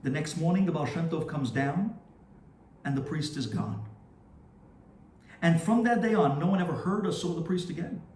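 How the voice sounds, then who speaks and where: Dramatic storytelling rabbi, echoey room. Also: male voice, on the high side, animated, moderate pace, pauses often, a little mellow, distant mic, a little hiss or hum. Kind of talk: storytelling sermon. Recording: roomy echo, faint ambience.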